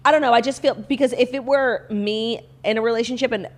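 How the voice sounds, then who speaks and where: A woman co-hosting a casual gossip podcast, talking in quick, opinionated rants full of "like" fillers. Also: a little high, fairly even intonation. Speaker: podcast co-host.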